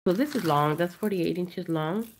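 A woman's voice: fairly low pitch, moderate pace, a little hiss or hum. A woman chatting casually while she shows and prices jewelry on a live sale stream. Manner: chatty, rambling, showing items up close. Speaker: online jewelry seller.

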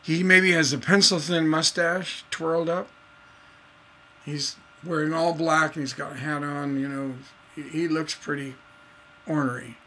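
A man teaching songwriting in a casual, animated way, acting out scenes as he talks. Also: on the high side, unhurried, slight background noise. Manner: animated storytelling, acts out voices. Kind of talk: casual instructional talk.

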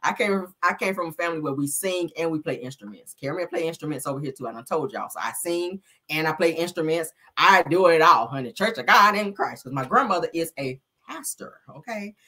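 A young adult woman hosting a casual commentary show, laughing often and acting out the people she quotes, with a husky voice. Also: low-pitched, a little fast, hardly any pauses. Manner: animated, laughing, acts out quotes. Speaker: host.

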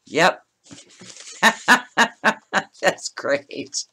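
A woman's voice: low-pitched, takes it slowly, long pauses, a bit bright. A middle-aged woman chatting casually as she opens craft mail at home, gushing and laughing often. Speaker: craft vlogger opening mail. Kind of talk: casual unboxing chat.

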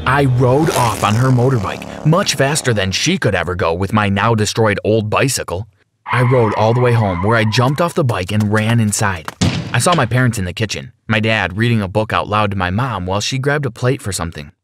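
A man narrating a scripted first-person story with dramatic, expressive delivery. His voice sits fairly low for a man, with faint noise behind it. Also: a little fast.

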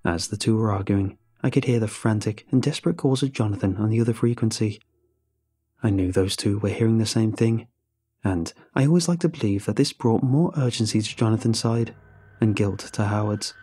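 Low, husky horror narrator. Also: male voice, fairly quick, dark tone.

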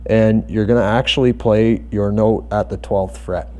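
A man explaining bass guitar adjustments step by step in a calm, methodical tutorial. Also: normal speed.

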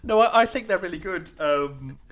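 Lively podcast co-host, man. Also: sits high, moderate pace, very noisy. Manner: laughs often, acts out scenes in silly voices. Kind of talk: casual chat.

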